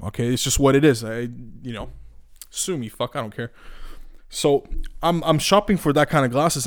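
Profane ranting man, smooth dry voice. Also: medium pitch, no echo. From Eastern Europe. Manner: profane, animated, many restarts and filler words. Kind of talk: casual rant.

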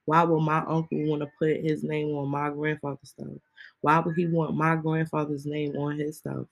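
A woman on a podcast ranting with heated indignation and firing off rhetorical questions. Her voice sits fairly low, with a gravelly fry and a husky, breathy grain. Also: level tone, normal speed, poor audio. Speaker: podcast host. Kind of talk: casual ranting monologue.

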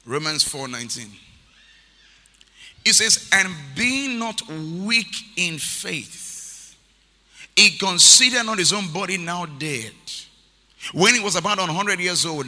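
Emphatic preacher in a reverberant hall. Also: male voice, on the high side, bright, forceful tone. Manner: emphatic preaching, repeats key phrases, reads scripture aloud. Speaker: pastor. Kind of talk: sermon.

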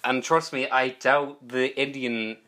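A man's voice: mid-range voice, level tone, takes it slowly, sharp tone. Male podcast co-host with a mid-range voice and a playful, jokey delivery. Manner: joking, playful interjections. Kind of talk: casual movie-review banter.

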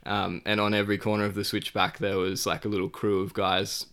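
A man recounts a trip in relaxed, chatty talk. His voice sits a little low, and he strings the story together with fillers and frequent laughter. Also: brisk, smooth. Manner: rambling, many "like" fillers, laughing while telling. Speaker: guest. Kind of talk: casual travel story.

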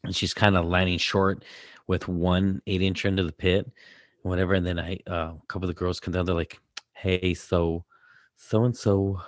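Male podcast co-host, coach, animated storyteller, low voice, dry mic. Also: a little fast, dry recording. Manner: animated storyteller, acts out quotes loudly. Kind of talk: casual storytelling chat.

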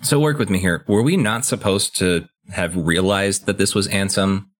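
A man with a notably low, deep voice chats casually as a podcast co-host. He recaps a video game with easy enthusiasm. His words often tumble out in fast, excited bursts.

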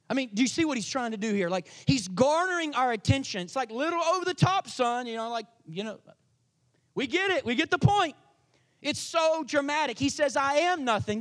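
A male pastor delivering a sermon with a strikingly high-pitched voice. He preaches with energy and drama, shifting between loud emphatic lines and quiet asides.

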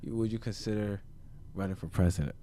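A man's voice: lowish voice, quick pace, mellow, a little hiss or hum. A man co-hosting a podcast, chatting casually with slangy, laughing banter. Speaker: podcast co-host. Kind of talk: casual chat.

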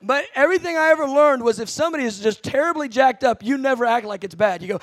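High-voiced male preacher, dry close sound. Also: fast talker, hardly any pauses, dry recording. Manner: animated storytelling with shouted acted quotes and laughter. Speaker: pastor. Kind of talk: sermon.

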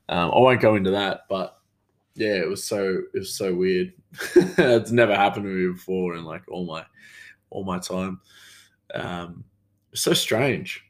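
An Australian chef with a low male voice rambles through stories in a casual monologue. He sounds a bit tired and yawns, filling his talk with fillers and frequent chuckles.

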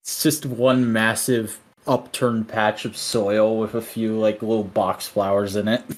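A man's voice: on the low side, little pitch movement, measured pace. A man co-hosting a podcast, rambling along in a casual, joking, profane way. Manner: rambling, profane, self-mocking. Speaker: podcast co-host.

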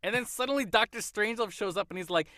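A man co-hosting a casual movie chat, animated and playful, sometimes slipping into voices to retell scenes. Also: high-pitched, quick pace, dry recording, studio quality. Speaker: podcast co-host.

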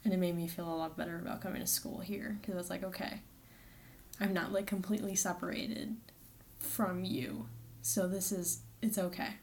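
A woman's voice: on the low side, flat delivery, moderate pace, a little mellow, a little hiss or hum. Chatty young woman rambling casually. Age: young adult. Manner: chatty, rambling, with many "like" fillers and self-corrections. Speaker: college student podcaster. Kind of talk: casual solo podcast monologue.

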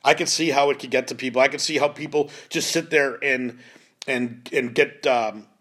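A man's voice: medium pitch, fairly even intonation, normal speed, a bit bright, breathy edge. A middle-aged man hosting a lacrosse show, speaking in an earnest, pleading monologue and often repeating himself. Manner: pleading, emotional, repeats phrases and restarts.

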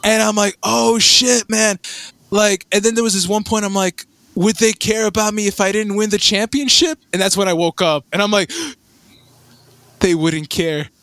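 A young man telling a rambling story in casual chat, animated and swearing, with lots of fillers and restarts. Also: high-pitched, normal speed, no room sound.

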